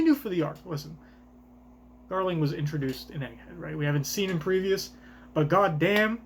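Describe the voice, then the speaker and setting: A man streaming a live reaction, with excitable, profane, rambling commentary. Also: sits high, a little hiss or hum.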